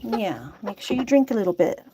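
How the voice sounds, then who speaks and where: A woman's voice: mid-range voice, sing-song, brisk, warm tone, slight background noise. A woman chatting casually and coaxing her chickens to drink by their coop outdoors, laughing often. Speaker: chicken keeper vlogger.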